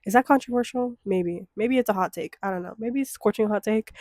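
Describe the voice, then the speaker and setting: Young woman, twenties, casual vlog chat; mid-pitched, swears a lot, mock-outraged rants; dry close sound. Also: fairly quick, hardly any pauses, a little mellow, dry recording. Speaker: vlogger.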